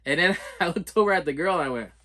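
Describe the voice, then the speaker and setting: A middle-aged man casually telling stories while unboxing movies, animated, laughing often and stumbling over repeated words. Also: a little high, fast talker. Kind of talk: casual storytelling vlog.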